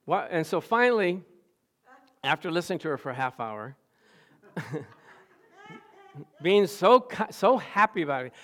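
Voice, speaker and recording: High-voiced man preaching with humor. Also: sing-song, measured pace, pauses often, a bit bright. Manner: humorous, storytelling, self-deprecating. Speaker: pastor. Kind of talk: sermon.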